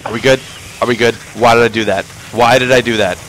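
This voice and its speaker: A man's voice: medium pitch, fairly even intonation, fast, fairly bright tone, slight background noise. A man commentating his own gameplay, swearing and sarcastic, muttering to himself through puzzles. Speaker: gamer. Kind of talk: profane let's play commentary. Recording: game music behind. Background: game music.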